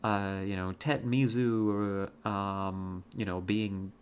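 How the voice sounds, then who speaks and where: A woman's voice: extremely low pitch, steady tone, takes it slowly, a little hiss or hum. A woman streamer chatting casually with her chat while playing a hunting game, rambling with many fillers and restarts.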